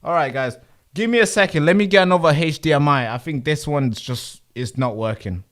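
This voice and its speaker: A man's voice: on the high side, fairly quick, a bit bright. A man hosting a live stream from home, talking casually and with frustration to his viewers while he fixes his equipment.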